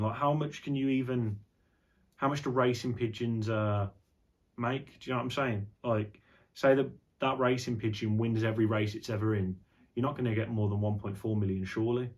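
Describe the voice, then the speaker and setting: A young man talks off the cuff on his vlog. His voice sits a little low, and he rambles from joke to joke with easy, casual swearing. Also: darkish tone. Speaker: vlogger. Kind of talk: casual unscripted vlog chat.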